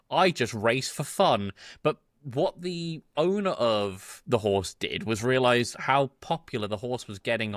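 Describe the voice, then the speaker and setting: A man's voice: mid-range voice, a bit bright, no room sound, clean studio sound. Laid-back British man telling one-liners. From Britain. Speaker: podcast co-host. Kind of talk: casual comedic chat.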